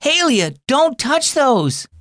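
A man doing a high-voiced hot-tempered boy. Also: big pitch swings, normal speed, no echo, clean studio sound. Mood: angry. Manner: high, strained boyish voice. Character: upset young boy, quick-tempered then sorry.

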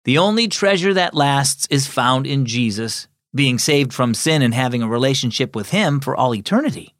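A man voicing a calm father who gently teases and instructs his son in a children's story. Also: mid-range voice, moderate pace, no echo, studio quality, lightly acted. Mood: gentle.

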